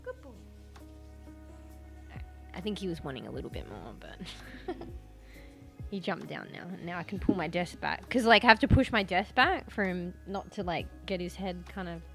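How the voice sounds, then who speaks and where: A woman's voice: lowish voice, lively intonation, normal speed, vocal fry, fairly bright tone, faint music behind. A woman streaming from a room at home, chatting casually and rambling with lots of fillers. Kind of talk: casual chat.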